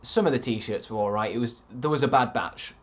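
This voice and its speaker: A man in his thirties, a streamer chatting casually and reading out viewer comments in a deadpan, sardonic way with plenty of swearing. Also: medium pitch, a little fast.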